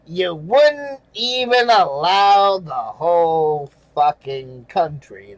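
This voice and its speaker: An older man rants about a broadcast in an angry, sarcastic way, breaking into bitter little laughs and swearing freely. His voice sits fairly high and he drags his words out slowly. The sound is dry and close, with no room around it. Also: lively intonation, dry recording, low-quality recording. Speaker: channel host reading viewer comments. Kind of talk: casual rant over screenshots.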